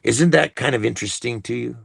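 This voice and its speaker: A man's voice: mid-range voice, a little fast, creaky, breathy edge, dry recording, clean studio sound. A man hosting a livestream, delivering a profane, exasperated political rant with heavy emphasis. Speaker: livestream host.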